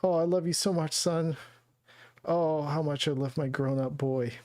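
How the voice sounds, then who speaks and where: A man's voice: fairly high pitch, steady tone, moderate pace, a little mellow, no echo, studio quality, close to an everyday voice. A man voicing a crude, selfish male ruler of a failing planet who sneers at his people and gushes over his son. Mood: gushing.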